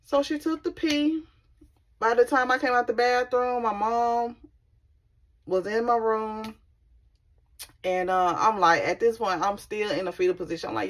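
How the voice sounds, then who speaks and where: A young woman recounts a personal story on her vlog, animated and conversational, full of casual slang. Her voice sits a touch low for a woman, and she talks to viewers like friends. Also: measured pace, pauses often. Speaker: vlogger.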